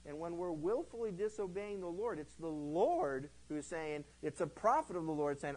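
A man's voice: a little high, moderate pace, few pauses, rough recording. Conversational man teaching the Bible. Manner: conversational, animated, acts out quotes. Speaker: pastor.

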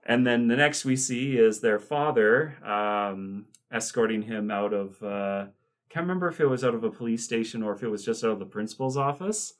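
A man's voice: mid-range voice, moderate pace. A man co-hosting a podcast, recapping scenes in casual chat with rambling asides and many fillers. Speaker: podcast co-host.

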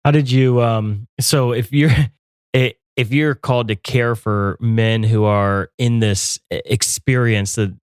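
A man hosting a faith podcast, asking a long question haltingly, searching for his words. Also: mid-range voice, fairly even intonation, smooth, no room sound, studio quality. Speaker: podcast host. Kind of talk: interview questions.

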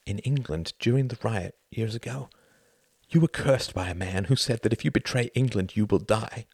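A man's voice: fairly low pitch, moderate pace, creaky, a little mellow, slightly rough, no room sound, pitched above the performer's own voice. A man reading an audiobook, voicing an earnest young man who pleads with urgent, solemn intensity.

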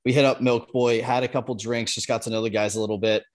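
A man's voice: mid-range voice, little pitch movement, fast talker. Laid-back man telling a story. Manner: laid-back, loose with fillers like "um" and "like". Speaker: podcast regular. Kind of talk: casual storytelling on a podcast.

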